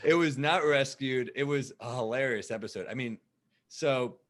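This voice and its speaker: A man in his thirties, a comedian co-hosting a casual chat, telling a story and acting out the people in it with loud, high bursts. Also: moderate pace. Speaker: podcast co-host, comedian.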